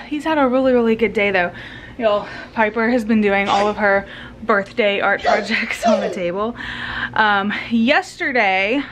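A woman's voice: medium pitch, a bit bright, a little hiss or hum. A woman chatting casually in a home vlog, often laughing and speaking sing-song to her children, recorded on a handheld camera. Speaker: family vlogger and mother. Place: family home indoors.

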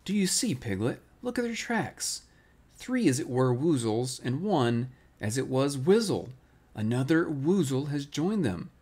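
A slow, musing teddy bear, voiced by a man in a bedtime storybook. He weighs each word as he puzzles things out. The voice sits mid-low with a lively, rolling lilt. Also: slightly rough, heavily acted. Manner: ponderous, musing.

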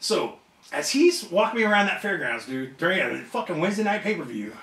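A man in an interview, telling a wrestling story in a casual, profane, animated way and acting out the voices of other people. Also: high voice, brisk. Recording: roomy echo, somewhat off-mic.

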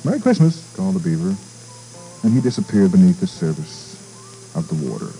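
A man, a radio DJ, reading a storybook aloud in a gentle, unhurried way, with fillers and small asides. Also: deep voice, sing-song, vocal fry, faint music behind, poor audio.

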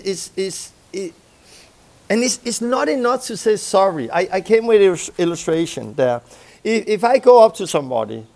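A man's voice: high-pitched, darkish tone. A middle-aged man with a Scandinavian accent preaching emphatically, acting out small scenes as he teaches. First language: Danish. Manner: emphatic, acts out little scenes with voices. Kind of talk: sermon teaching.

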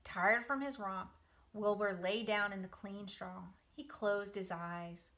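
A woman reading a children's novel aloud for a book club, with expressive storytelling. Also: medium pitch, slow pace.

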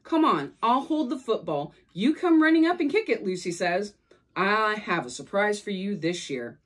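A woman's voice: mid-range voice, sing-song, moderate pace. A woman reading aloud and voicing a bossy, teasing little girl in a storybook. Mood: sing-song.

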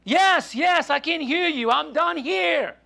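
A man voicing a terrified man hanging from a branch over a canyon, yelling and pleading for help. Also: very high-pitched, big pitch swings, slow pace, gravelly, voice pushed up, full character voice. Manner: panicked, pleading yells.

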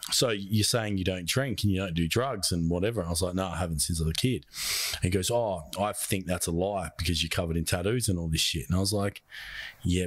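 A man's voice: deep voice, dry recording. An Australian man telling a story as a podcast guest, swearing freely and acting out the lines of the people in it. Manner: profane, animated, acts out quoted dialogue. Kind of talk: casual storytelling chat.

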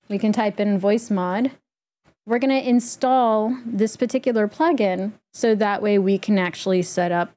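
A woman walking through a software setup in a casual, chatty tutorial, explaining step by step with easy fillers. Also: mid-range voice. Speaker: streamer giving a setup tutorial. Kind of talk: casual screen-recorded tutorial.

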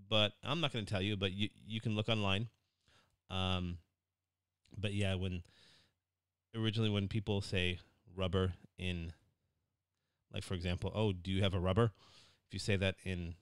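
An American university lecturer talks through a recorded class summary, his voice low-pitched and smooth. He speaks plainly, circling back with fillers and small restarts, and the sound is dry and close. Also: no room sound. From United States. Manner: relaxed, repetitive with many fillers and restarts.

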